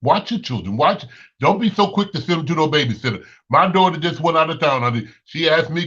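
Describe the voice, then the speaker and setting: A man with a Chicago accent talks straight to his listeners in a casual monologue, hammering points home by saying them again and again. His voice is bright and sits a touch high. The recording is muffled and lo-fi. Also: animated, brisk, breathy edge. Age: 30s. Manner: preachy, repeats himself for emphasis. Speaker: host.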